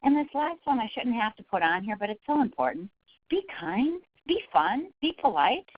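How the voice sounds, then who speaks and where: Brief: woman trainer, webinar talk, animated pitch, dry slightly dull audio. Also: moderate pace, no echo. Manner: lively, folksy, with acted quotes. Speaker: fundraising trainer. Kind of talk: webinar presentation.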